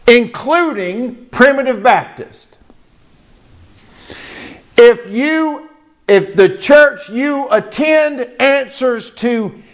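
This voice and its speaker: A man preaching a sermon as pastor, slow and emphatic, asking the congregation questions. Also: very high voice.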